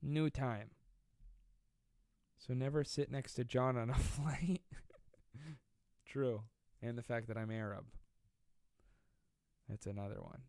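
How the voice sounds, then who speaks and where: Slow and prone to pauses, this man's medium-pitched, darkish voice comes through a close desk mic with no echo. Stuck at home during quarantine, he hosts a casual comedic live stream, joking and mocking himself as he rambles between stories and reads comments.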